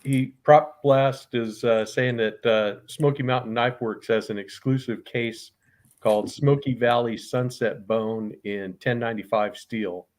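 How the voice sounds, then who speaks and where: A man's voice: medium pitch, fairly even intonation, measured pace. A man from Texas hosting a casual live video stream, reading out viewers' comments and inviting guests to speak. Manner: friendly, reads out chat comments. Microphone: video call.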